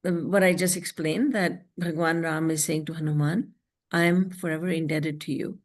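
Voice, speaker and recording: A woman's voice: deep voice, steady tone. Woman giving a devotional lecture. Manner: earnest, storytelling, slows for scripture verses. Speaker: spiritual teacher. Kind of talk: devotional lecture over video call. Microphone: video call.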